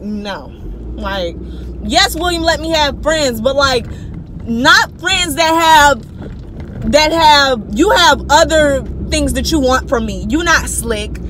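Animated young woman telling a story. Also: sits high, background noise. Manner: animated, slangy, addresses viewers as y'all. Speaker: vlogger. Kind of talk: casual storytime vlog. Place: walking outdoors, then her closet at home.

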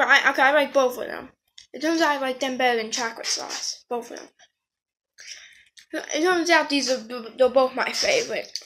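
A woman's voice: high-pitched, a bit bright, slight background noise. A woman vlogging casually while eating, chatty, talking between bites and correcting herself as she goes.

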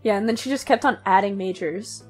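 A woman co-hosting a podcast in casual discussion, chatty and quick to laugh. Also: mid-range voice, loud music behind the voice. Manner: chatty, laughs often, lots of "like" fillers. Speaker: podcast co-host.

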